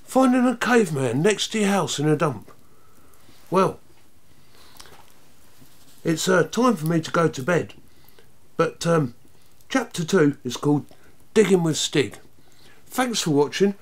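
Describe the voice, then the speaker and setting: A man reading a children's book aloud, narrating in an expressive, lively way. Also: a little high, measured pace, creaky, long pauses. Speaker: storyteller.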